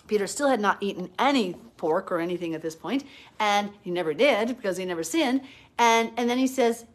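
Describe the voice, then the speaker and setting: A woman gives a Bible teaching over a live stream, fervent and emphatic, pressing her points with rising intensity. Her medium-pitched voice is animated and a little fast, picked up by a phone or webcam microphone.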